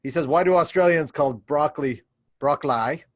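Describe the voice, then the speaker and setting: A man's voice: mid-range voice, expressive, a little fast, dry recording. A man hosting a webinar interview over a video call, asking listener questions in an easygoing way. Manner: easygoing, brief back-channel replies. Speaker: host. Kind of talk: casual interview.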